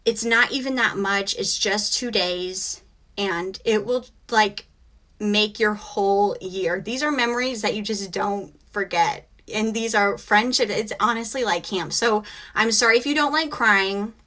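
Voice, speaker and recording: A woman's voice: mid-range voice, unhurried, sharp tone. A woman in her thirties, worn out and close to tears, chatting casually with her viewers on a live stream. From United States. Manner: chatty and emotional, says she is close to tears. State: exhausted. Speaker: host of a reselling live stream.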